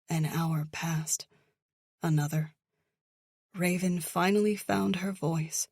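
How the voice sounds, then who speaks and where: Woman audiobook narrator, husky, slow, measured, somber. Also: sits low, darkish tone, no echo, studio quality. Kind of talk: scripted narration.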